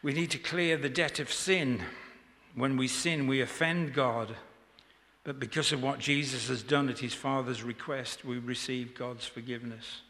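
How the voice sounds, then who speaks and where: Bright, gravelly preacher man. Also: medium pitch, steady tone, a little slow. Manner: chatty, joking with the congregation. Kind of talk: informal sermon. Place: church hall. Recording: echoey church hall.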